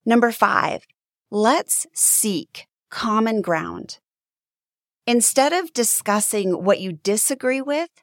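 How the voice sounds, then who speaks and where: A woman hosts a faith-based teaching podcast and talks listeners through practical steps in an earnest, encouraging way. Her voice sits in a middle pitch, and she often acts out sample phrases to show how they sound. The recording is dry and close, with no room around her. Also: no echo. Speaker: podcast host.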